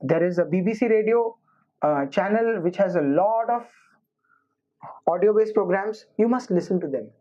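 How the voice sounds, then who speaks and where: A woman teaching IELTS listening, explaining slowly and restating her points. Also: medium pitch, animated, mellow. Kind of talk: recorded classroom lesson. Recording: muffled lo-fi recording.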